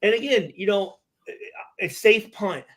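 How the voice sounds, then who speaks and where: A former player in his forties talks football on a podcast in a high-pitched voice. He stumbles and restarts his sentences a lot and swears freely as he tells his stories. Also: unhurried, a bit bright. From Michigan. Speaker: former player and guest analyst. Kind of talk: casual podcast chat.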